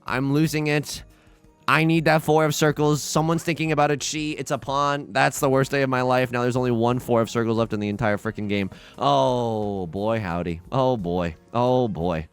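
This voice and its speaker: A young man hosting a let's play, giving excitable, self-mocking commentary on his game that swings from muttering to shouting. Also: medium pitch, normal speed, smooth, soft background music. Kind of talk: gameplay commentary.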